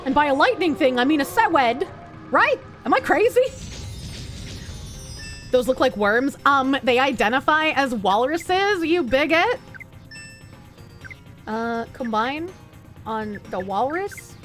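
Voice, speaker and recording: A woman's voice: high-pitched, slow pace, long pauses, faint music behind. A young woman streaming a game, chatting casually and swearing as she jokes with her chat. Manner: animated, swearing, joking with chat, frequent laughs.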